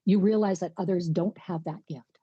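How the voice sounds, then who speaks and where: Husky, dull-sounding woman co-host. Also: lowish voice, moderate pace, mellow, no echo. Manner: affirming, asks follow-up questions. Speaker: podcast co-host. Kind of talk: casual interview conversation.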